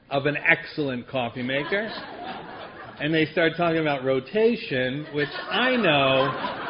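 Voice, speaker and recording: A man tells a long personal story with a wry, self-deprecating humor, laughing at his own jokes. His voice sits a little high for a man. The recording is dull and lo-fi, with a faint hiss underneath. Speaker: speaker sharing a recovery story.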